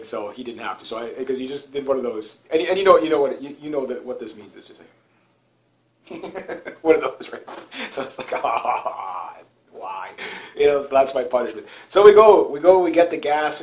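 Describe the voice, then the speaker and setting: A man talking casually in a rambling monologue, full of fillers and restarts. He often laughs at himself, and he speaks loudly and then trails off quietly. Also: medium pitch, low-quality recording. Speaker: video blogger.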